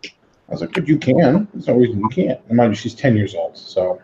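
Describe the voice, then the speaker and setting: Host guy rambling thru a story, does the voices, warm-ish tone, kinda dull roomy audio. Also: on the low side, fast, creaky, slight background noise. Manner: rambling, animated, acts out quotes. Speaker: host of a modeling hangout. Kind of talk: casual storytelling chat. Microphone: headset.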